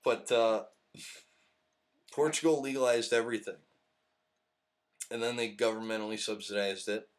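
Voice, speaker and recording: A man's voice: on the low side, steady tone, normal speed, pauses often. Rambling profane man telling stories. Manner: profane, rambling, laughs often. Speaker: podcast host. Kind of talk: casual storytelling chat. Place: live-streamed podcast.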